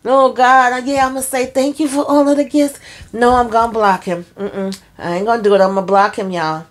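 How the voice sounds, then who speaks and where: A woman's voice: fairly high pitch, steady tone, fairly quick, voice pushed up, lightly acted. A woman voicing a flustered young woman who keeps changing her mind about making a phone call. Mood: dithering. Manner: fretful back-and-forth self-talk. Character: flustered young woman dithering over calling a man.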